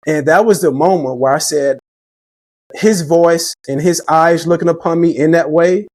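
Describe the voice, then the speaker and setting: In a dry recording, a middle-aged man with a somewhat high, slightly mellow voice reflects earnestly on his life as a podcast guest. Faith runs through his stories, and he tends to repeat words and restart when beginning a sentence.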